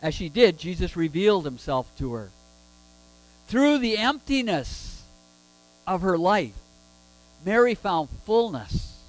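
A man's voice: high voice, sing-song, slow, long pauses, faint music behind, poor audio. A man preaching a sermon, emphatic and full of rhetorical questions.

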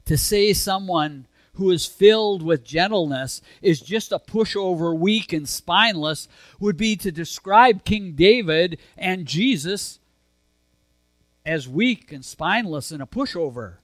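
A man preaching a sermon, earnest and conversational, swinging between emphatic lines and soft, hushed ones. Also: high-pitched, lively intonation, measured pace, no room sound. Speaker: pastor.

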